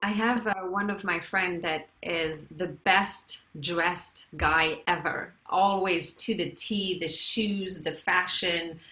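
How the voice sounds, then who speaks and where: Woman host, bright and sharp, animated, roomy echo. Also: on the low side. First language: French. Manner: animated storytelling, quick asides. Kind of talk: conversational interview.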